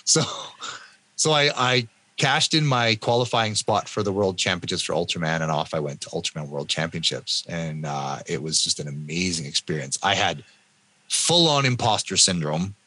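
A Canadian man in his fifties telling his own story in an interview with animated delivery, often acting out the voices of other people. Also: low-pitched, moderate pace. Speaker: guest, endurance athlete and coach.

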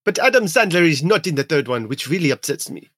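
A man's voice: fairly high pitch, very animated, fast talker, a bit bright, husky, dry recording, clean studio sound. A man hosting a gaming podcast, who banters in a playful, insistent way. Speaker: podcast host. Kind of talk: casual gaming podcast chat.

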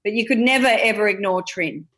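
A middle-aged Australian woman recounting a family story as an interview guest. She tells it in a lively, anecdotal way, building up to the punchline with an easy conversational flow. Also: mid-range voice, a little fast. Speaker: guest's mother.

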